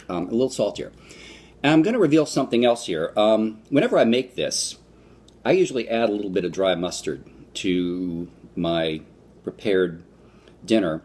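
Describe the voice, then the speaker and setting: A man's voice: lowish voice, lively intonation, normal speed, a little mellow. A man from the United States giving a casual, rambling food review vlog, with fillers and restarts. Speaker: vlogger.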